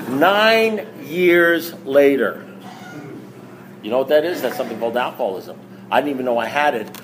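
Animated man telling a self-mocking story. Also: mid-range voice, slight background noise. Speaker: speaker sharing his recovery story. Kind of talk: storytelling talk to a recovery meeting.

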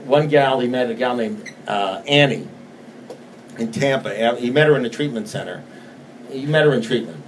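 A man shares his recovery experience with an audience, telling stories loosely and often asking "you know what I mean." He reads book passages aloud, repeating lines as he goes. His mid-range voice moves at normal speed, and the rough recording carries a little hiss or hum.

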